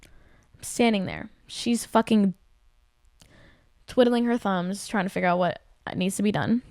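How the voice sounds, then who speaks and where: A woman in her twenties hosting a podcast, telling a work story in casual chat, venting and animated with lots of "like". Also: medium pitch, a little slow, vocal fry, dry recording, clean studio sound. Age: 20s. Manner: venting, animated, heavy use of "like". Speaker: podcast host.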